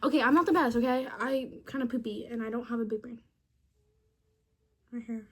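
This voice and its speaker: A woman's voice: a little high, brisk, a bit bright, breathy edge. A young woman chatting casually with a chatbot. She rambles playfully and mutters asides under her breath.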